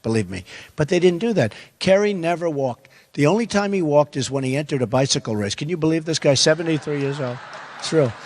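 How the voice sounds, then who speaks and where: Older man, emphatic, repetitive, in a big hall. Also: on the high side. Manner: repetitive, emphatic, rambling asides. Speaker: political candidate. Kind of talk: campaign forum answer.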